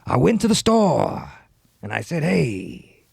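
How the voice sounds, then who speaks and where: A man doing a loud, exaggerated comic impression of a gruff older male film actor. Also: a little high, huge pitch swings, slow pace, dry recording, studio quality, pitched above the performer's own voice, heavily acted. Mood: shouty.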